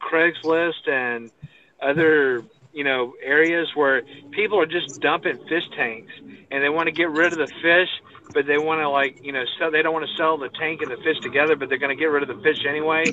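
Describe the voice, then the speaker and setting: A man's voice: fairly high pitch, steady tone, a little fast, narrow, tinny audio, a little hiss or hum. A man from Texas with a Texan accent, chatting casually from a parked car, rambling with lots of fillers. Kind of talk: casual chat.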